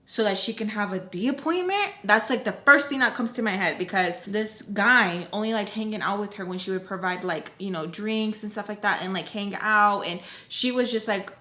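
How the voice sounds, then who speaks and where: A young woman tells a personal story in a loose, chatty vlog style, padding her lines with "like" and retelling events with animation. Her voice sits at a medium pitch. The recording carries a noticeable roomy echo. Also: moderate pace, hardly any pauses, sharp tone. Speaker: vlogger telling a story. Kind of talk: casual storytime chat.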